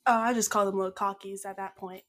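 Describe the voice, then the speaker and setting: A woman's voice: mid-range voice, steady tone, fast, a bit bright. A woman with a mid-range voice answers casually as a podcast guest, speaking into a headset. She is plainspoken and somewhat hesitant, keeping her answers short and simple.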